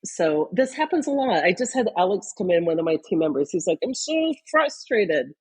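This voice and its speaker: A woman with a low, husky voice explains her ideas on a podcast through lively stories and examples. Her tone is warm and mellow, and she speaks as an interview guest. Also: a little fast. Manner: animated storytelling, talks in examples. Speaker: guest, leadership consultant.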